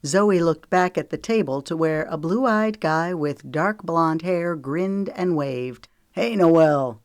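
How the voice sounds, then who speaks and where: Low-voiced woman reading a novel. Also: slow, dry recording, studio quality. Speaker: audiobook narrator. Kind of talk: scripted narration.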